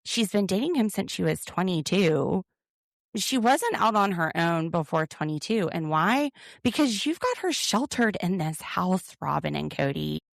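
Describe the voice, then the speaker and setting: This podcast co-host is a woman whose lowish voice has a sing-song lilt and some vocal fry, and she speaks at a measured pace. In a casual recap chat about a reality show, she's sarcastic and full of opinions. The sound is clean studio quality with no echo.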